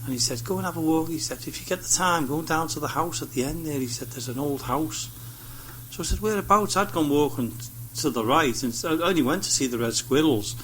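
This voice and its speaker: As a studio guest on a casual radio chat show, a man spins rambling anecdotes and acts out the voices of people he met. His voice is on the high side, fairly quick and fairly bright, with slight background noise.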